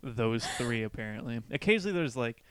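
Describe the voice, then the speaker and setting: Smooth-voiced man chatting casually. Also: mid-range voice, animated, brisk, a bit bright. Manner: chatty, swearing, acts out quoted people. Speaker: podcast co-host. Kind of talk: casual chat.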